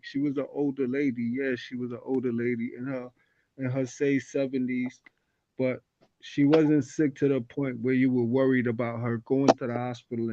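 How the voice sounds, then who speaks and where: Man, halting and repetitive, dry close sound, muffled lo-fi audio. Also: medium pitch, dark tone, dry recording. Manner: halting, restarts often, "you see what I'm saying". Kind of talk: casual group discussion. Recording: dull lo-fi sound.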